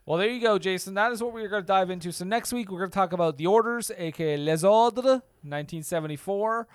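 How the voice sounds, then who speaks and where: A man's voice: high-pitched, fast talker, smooth, dry recording. A man co-hosting a casual film podcast, chatting and joking in a rambling way. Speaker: podcast co-host. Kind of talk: casual podcast chat about films.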